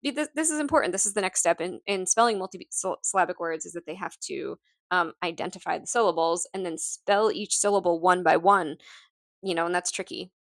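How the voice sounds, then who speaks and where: A teacher talks through her lesson packets casually, speaking a little fast in a fairly low-pitched voice with no echo. She hesitates often, filling gaps with ums, starting over, and laughing lightly.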